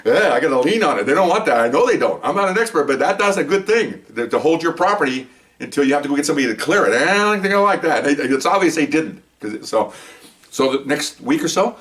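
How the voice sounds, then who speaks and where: A man's voice: fairly high pitch, animated, fast talker, a bit bright, recorded from a distance. An older man, a police veteran, telling his own anecdotes in a casual, rambling way full of repeated "you know.".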